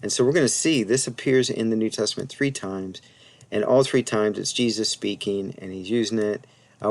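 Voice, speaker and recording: A US Bible teacher with a low, gravelly voice gives a relaxed screen-share lesson on biblical Greek. He explains things while thinking aloud with many ums, fillers and restarts, sounding out the Greek slowly and carefully.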